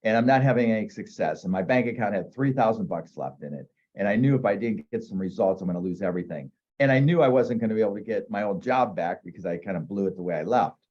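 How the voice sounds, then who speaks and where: A man's voice: lowish voice, lively intonation, a little fast, darkish tone, highs cut off. A man in his fifties from northeast Ohio, a real estate agent telling candid, self-deprecating stories in a casual interview.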